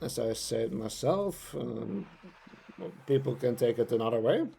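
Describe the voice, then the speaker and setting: A man's voice: mid-range voice, expressive, unhurried, vocal fry, warm tone, slightly rough. A man chatting casually on a live stream, rambling playfully with lots of fillers as he talks about his voice-acting hobby.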